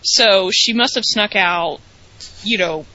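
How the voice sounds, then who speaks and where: A woman's voice: mid-range voice, takes it slowly, bright, forceful tone, no echo, lo-fi sound. A woman co-hosting a casual wrestling recap podcast, chatty and thinking aloud with restarts. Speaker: co-host.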